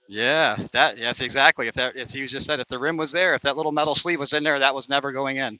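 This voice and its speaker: A man talks his way through his own round on an outdoor course, calling each shot and getting openly frustrated when putts miss. His voice is bright and a little tense. The stream audio sounds dull and lo-fi. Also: medium pitch, fast, few pauses, no echo. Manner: competitive, frustrated, swearing after bad shots. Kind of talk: casual play-by-play while playing. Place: outdoor mini golf course.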